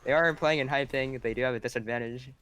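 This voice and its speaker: A male esports co-caster speaking over a headset in a mid-range voice. He stays calm and analytical, explaining the teams' choices during a live match. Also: medium pitch, fast, clear, resonant tone.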